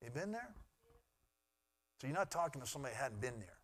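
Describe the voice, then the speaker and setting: A middle-aged man, a pastor, preaching a sermon in an earnest way that swings from loud to hushed. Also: mid-range voice, sing-song, quick pace.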